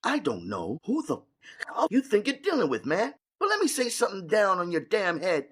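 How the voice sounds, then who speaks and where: A man reading an audiobook voicing a conceited male drug kingpin with a high-pitched voice that cracks when excited and fast street slang. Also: breathy edge, heavily acted. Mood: menacing. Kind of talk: audiobook character voice.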